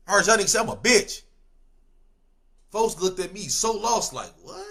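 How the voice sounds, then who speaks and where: A young man telling a street story in casual slang, swinging between loud outbursts and low mumbles. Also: animated, normal speed.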